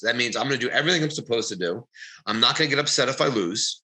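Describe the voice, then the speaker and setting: A man co-hosting a casual podcast, telling rambling, animated stories and swearing. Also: medium pitch, quick pace, low-quality recording. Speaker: podcast co-host, bodybuilder. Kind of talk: casual podcast chat, storytelling.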